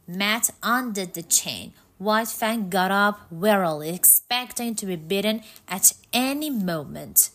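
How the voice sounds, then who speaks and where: A woman narrating a storybook in a calm, measured reading voice. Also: mid-range voice.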